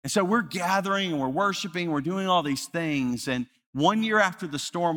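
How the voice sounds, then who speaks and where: A male pastor preaching a sermon, earnest, rising to loud emphasis and dropping to hushed, slow repetition. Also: fairly high pitch. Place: church sanctuary. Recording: reverberant church hall.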